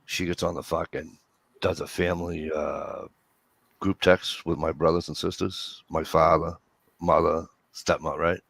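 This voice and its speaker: Deep gravelly man telling a profane story. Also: normal speed. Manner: profane, animated storyteller who acts out quotes. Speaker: host. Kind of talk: casual storytelling chat.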